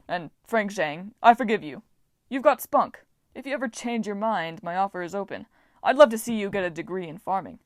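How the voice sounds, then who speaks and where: A woman voicing a pompous, boastful male farm god who talks loudly and theatrically in an audiobook. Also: medium pitch, animated, fairly quick, no room sound, studio quality, lightly acted. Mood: exuberant. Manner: loud, theatrical, dismissive.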